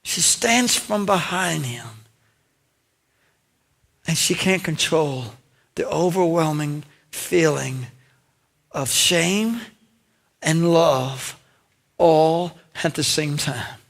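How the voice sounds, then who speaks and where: Animated male pastor preaching a sermon. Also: on the high side, very slow, gravelly, long pauses. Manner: animated storytelling, acting out characters' lines; conversational asides to the congregation.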